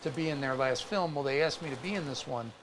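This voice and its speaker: A man's voice: fairly high pitch, fast, noisy background. Chatty man with a faint Chicago accent. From Chicago area. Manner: chatty, animated storyteller with restarts. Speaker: co-host of a craft livestream. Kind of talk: casual storytelling chat.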